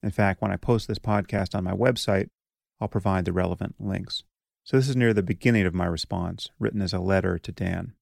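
A middle-aged man hosting his own podcast, speaking alone in a measured, deliberate and articulate way. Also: sits low, steady tone, gravelly, a little mellow, dry recording, clean studio sound. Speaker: podcast host. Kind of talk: solo podcast monologue.

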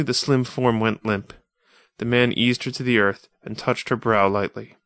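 A man reading an adventure story aloud in a measured, atmospheric manner. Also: medium pitch, fairly even intonation, fairly bright tone, no room sound, studio quality. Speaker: audiobook narrator. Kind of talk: scripted narration of a pulp adventure story.

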